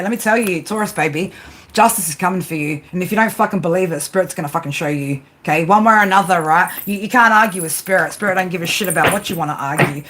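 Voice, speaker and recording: A woman doing a tarot reading who scolds her listeners bluntly, swears constantly and keeps tagging her sentences with "right?". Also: mid-range voice. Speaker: tarot reader. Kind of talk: profane tarot reading monologue. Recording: home recording with clear background noise.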